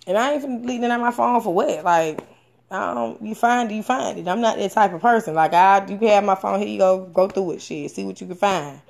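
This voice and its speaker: A woman's voice: brisk, vocal fry. A woman in her thirties telling a personal story candidly and frankly, swearing often, with many fillers and restarts. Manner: animated, with sudden rises in pitch and loudness. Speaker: storyteller sharing a personal experience.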